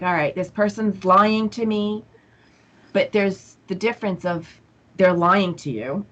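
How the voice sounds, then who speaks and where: A woman's voice: lowish voice, lo-fi sound. A woman speaking as an interview guest, casually telling stories and acting out her own inner voice. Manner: animated storytelling, acts out her own inner voice. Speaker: guest, empath coach.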